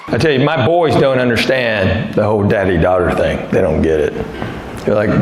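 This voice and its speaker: A middle-aged man from Tennessee doing a stand-up comedy set, telling stories and acting out quick quotes from his family. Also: on the low side, lively intonation, creaky, crowd noise. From Tennessee, USA. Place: theater stage before a live audience. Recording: live show with audience laughter. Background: audience laughter.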